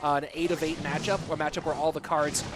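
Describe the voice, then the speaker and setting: High-voiced man casting a live stream. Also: quick pace, background noise. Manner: lively play-by-play, chatting with viewers. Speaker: esports caster. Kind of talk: live stream game commentary.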